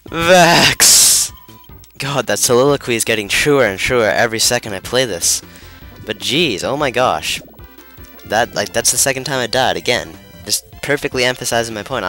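A man's voice: fairly low pitch, bright, forceful tone. A young man giving rambling, flustered commentary while playing a video game, full of fillers and restarts. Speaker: let's player. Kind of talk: gameplay commentary.

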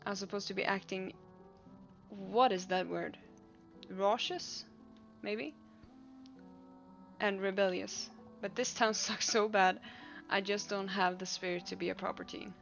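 A woman's voice: mid-range voice, steady tone, unhurried, vocal fry, pauses often, dull audio. A woman streamer reading a bored teenager's lines in a sulky, grumbling way. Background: faint game music.

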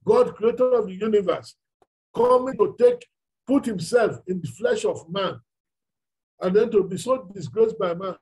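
A man's voice: high-pitched, moderate pace, darkish tone, slightly rough, rough recording. A man with a Nigerian accent preaching a sermon, emphatic and full of rhetorical questions.

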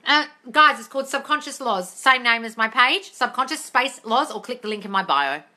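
Blunt, bright-voiced woman hosting a live Q&A. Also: fairly high pitch, lively intonation, normal speed. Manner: blunt, swears freely, calls listeners darling. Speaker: manifesting coach hosting a live Q&A. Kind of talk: casual livestream chat reading viewer comments. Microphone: phone livestream.

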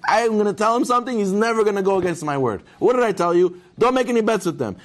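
A man's voice: high voice, lively intonation, fast, pitched above the performer's own voice. A man voicing a distraught king who scolds in a raised, agitated voice. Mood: exasperated. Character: distraught male king, exasperated.

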